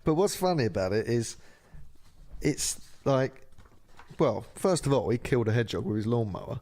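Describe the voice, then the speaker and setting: A man, a podcast guest in casual chat, with dry humor, sometimes reading poems in a deadpan voice. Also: mid-range voice, moderate pace.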